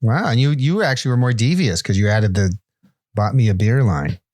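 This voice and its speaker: A man's voice: medium pitch, brisk, a little mellow. A man co-hosting a podcast who answers in short, dry reactions with teasing asides. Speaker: podcast co-host. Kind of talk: casual chat.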